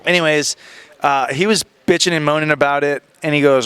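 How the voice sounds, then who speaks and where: Brief: male interview guest, high-ish bright voice, animated storyteller who mimics others. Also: fast, clean tone, no room sound.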